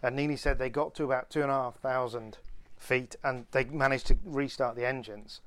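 A man casually telling an animated anecdote on a podcast, with many restarts. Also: mid-range voice, fairly quick, dry recording. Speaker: podcast co-host. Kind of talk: casual storytelling chat.

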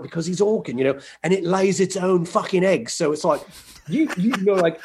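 A man riffing his way through a loose comedy podcast conversation, profane and rambling. His voice sits a little higher than most men's. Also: brisk, darkish tone, slight background noise. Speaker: podcast co-host. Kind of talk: casual comedic podcast chat.

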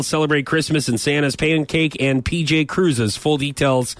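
A man's voice: fairly high pitch, a bit bright, no room sound. A man hosting a morning radio show, chatting and teasing his guest in upbeat banter. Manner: upbeat, teasing, laughs easily.

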